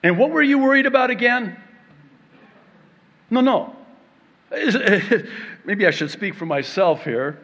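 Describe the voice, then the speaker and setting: Man, sermon, unhurried pace, playful asides, echoing hall. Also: sits high, lively intonation, a bit bright, highs cut off. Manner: slow, dramatic delivery with playful acted-out quotes and laughter. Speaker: preacher.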